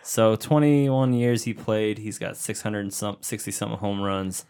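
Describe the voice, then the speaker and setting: A man's voice: on the low side, normal speed, clean tone. A man co-hosting a casual sports podcast, swearing often and joking around. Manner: swears often, jokey and animated. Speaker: podcast co-host.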